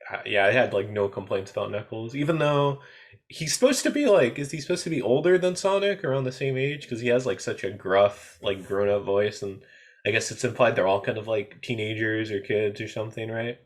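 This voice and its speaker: A man's voice: on the low side, fairly quick. A man hosting a podcast in casual chat, hesitant, with many "uh" and "you know" fillers. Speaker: podcast host.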